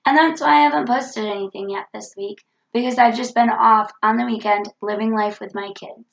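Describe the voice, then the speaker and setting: A woman's voice: fairly high pitch, fairly even intonation, normal speed, vocal fry, echoey room, lo-fi sound. A woman with a cold talking earnestly into the camera in a reflective self-help vlog, repeating her key points. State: has a cold. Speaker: vlogger.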